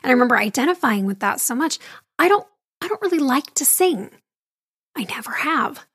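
Woman, candid personal storytelling, slightly high voice, dry close sound, wry asides. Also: animated, fairly quick, a bit bright, breathy edge, dry recording. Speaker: speaker sharing her faith journey.

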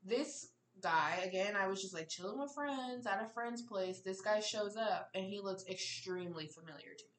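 A woman's voice: mid-range voice, moderate pace, few pauses, roomy sound, far from the mic. A young adult woman telling candid, profane stories in casual chat, often laughing. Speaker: podcast co-host.

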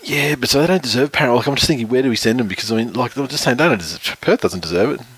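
A man's voice: medium pitch, lively intonation, racing, fairly bright tone, breathy edge. A man co-hosting a sports podcast, bantering casually with frequent laughs and swearing. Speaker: podcast co-host.

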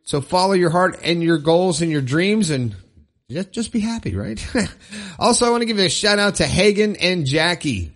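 A man's voice: sits high, big pitch swings, normal speed. A middle-aged man hosting a solo motivational podcast, upbeat and rambling, often repeating phrases for emphasis. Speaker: podcast host. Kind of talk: solo motivational talk show.

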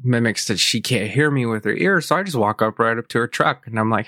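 A man's voice: medium pitch, fairly quick, few pauses, no room sound, studio quality. Blunt, foul-mouthed young male podcaster. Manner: profane, animated, blunt. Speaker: podcast host. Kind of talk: casual storytelling rant.

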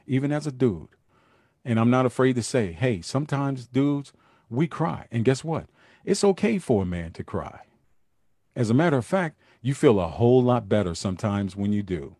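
A man's voice: mid-range voice, big pitch swings, normal speed, dark tone, dry recording, studio quality. A middle-aged man hosting a livestream, talking casually and earnestly to his viewers in loose street slang with lots of fillers. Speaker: livestream host.

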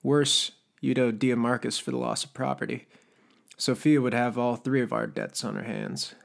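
A scarred, disgraced cook with a gravelly, creaky voice, as a male narrator puts him on. He talks in a sly, needling way, coaxing and pressuring. The pitch sits mid-range, like an ordinary man's. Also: fairly even intonation, normal speed. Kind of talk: audiobook character voice.

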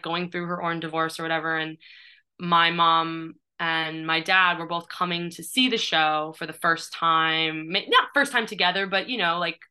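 Woman, 30s, interview guest, chatty, rambling, bright tone, smooth voice. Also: fairly low pitch. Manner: chatty, rambling, many fillers and restarts. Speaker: playwright and performer, guest. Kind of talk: casual interview chat.

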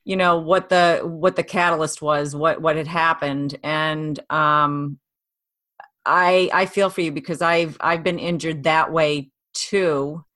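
A woman interviewer chatting casually, speaking sympathetically in halting phrases. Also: deep voice, steady tone, fairly bright tone, no echo.

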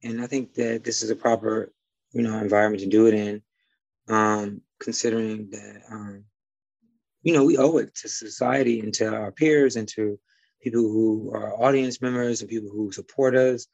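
A man's voice: lowish voice, fairly even intonation, moderate pace, gravelly, darkish tone, no room sound, lo-fi sound. A man from Detroit with a slight Midwest twang, a guest talking casually and rambling with many fillers and restarts. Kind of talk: casual conversation.

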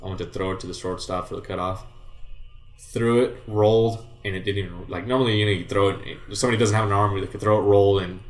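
A man who used to play baseball tells a rambling story in a relaxed, casual way, with lots of fillers and swearing. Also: lowish voice, fast talker. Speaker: guest, former baseball player. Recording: roomy echo, faint music.

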